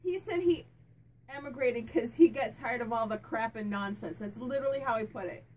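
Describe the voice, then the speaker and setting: A woman hosting her own channel, chatting casually as she asks a spirit questions out loud and repeats his answers back. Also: fairly high pitch, brisk, poor audio. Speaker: psychic medium and channel host.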